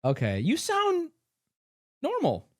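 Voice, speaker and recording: A man's voice: extremely high pitch, huge pitch swings, slow pace, dry recording, studio quality. A man hosting a live stream, interviewing a caller with blunt, teasing questions.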